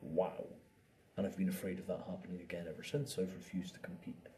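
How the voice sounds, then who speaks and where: A man's voice: sits low, level tone, quick pace, mellow. A man giving an informal talk on meditation. He acts out inner thoughts and repeats words to make his points. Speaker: meditation teacher. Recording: distant mic with faint ambient noise.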